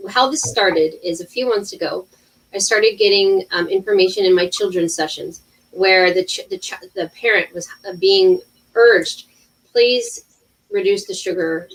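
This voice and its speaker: A woman in her thirties, an intuitive healer talking casually on a livestream, animated, with many restarts. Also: mid-range voice, far from the mic, rough recording. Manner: animated storytelling with acted-out quotes and many restarts.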